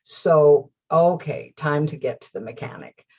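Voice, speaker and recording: A woman's voice: sits low, a little slow, slightly rough, muffled recording. A middle-aged woman hosting her own show, telling a personal story with lots of laughter and acted-out inner voices. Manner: animated, laughs often, acts out her own thoughts. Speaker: host. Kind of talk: storytelling monologue.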